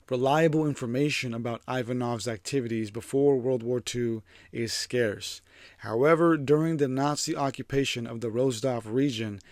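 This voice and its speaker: A man's voice: medium pitch, a little mellow, no echo, clean studio sound. A man hosting, reading a scripted narration and breaking into irreverent, profane, jokey asides. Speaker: host. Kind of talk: casual commentary over a scripted narration.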